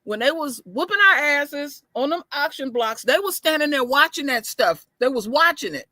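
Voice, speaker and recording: A woman co-hosting a casual opinion talk, telling stories forcefully and cutting in often. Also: high voice, expressive, normal speed, no room sound. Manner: forceful storytelling, interjects often. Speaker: co-host.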